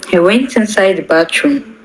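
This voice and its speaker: A young woman tells an emotional personal story, halting and often repeating her words. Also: mid-range voice, animated, slight background noise, poor audio. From Nigeria. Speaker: bereaved daughter.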